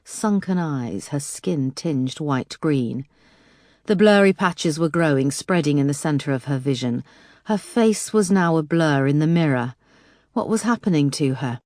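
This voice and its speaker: A woman narrating a detective thriller audiobook in a measured, dramatic way. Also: deep voice, darkish tone, no echo, clean studio sound.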